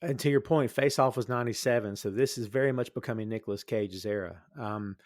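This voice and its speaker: A man's voice: mid-range voice, a little fast, a little mellow, dry recording, clean studio sound. A man with a Southern US accent hosting a podcast, chatting casually with many fillers and frequent laughs. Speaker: podcast host.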